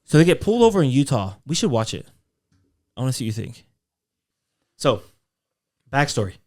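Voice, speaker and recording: A man's voice: medium pitch, very animated, fairly quick, dark tone. A young man co-hosting a podcast, telling a story in casual chat with loose fillers and quoted voices. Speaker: podcast co-host.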